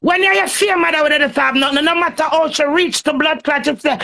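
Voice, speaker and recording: A woman's voice: high voice, brisk, creaky, hardly any pauses, a bit bright. A Jamaican woman in a heated, cursing, confrontational rant on a phone live stream.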